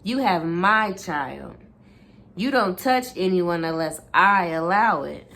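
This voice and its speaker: A woman reading aloud the lines of a volatile, jealous, abusive young man who yells and curses, then pleads. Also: on the low side, lively intonation, slow, heavily acted. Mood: raging. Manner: yelling, cursing, then pleading.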